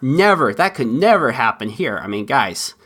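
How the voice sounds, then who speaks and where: A man's voice: medium pitch, very animated, normal speed, sharp tone. Male podcast host, mid-range voice, impassioned opinion talk with subdued turns. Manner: impassioned, swings from heated to subdued. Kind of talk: solo opinion commentary.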